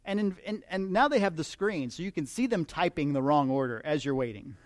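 A male pastor with a fairly high voice gives a relaxed, chatty sermon. He talks with humor and keeps turning to his listeners with questions. The sound is dry and close. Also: fairly quick, no room sound. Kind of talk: conversational sermon.

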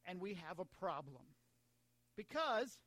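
A man's voice: high voice, very animated, a little slow, fairly bright tone, no echo. An American man preaching a sermon in a conversational way, mixing humor and asides with scripture. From United States. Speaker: pastor.

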